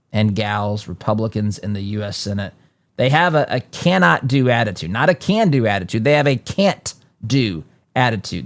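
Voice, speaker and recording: Emphatic male talk-show host, dry sound. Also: dry recording. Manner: emphatic, reads news reports aloud with quick asides; frequent restarts and pitch jumps for emphasis. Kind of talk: political commentary monologue.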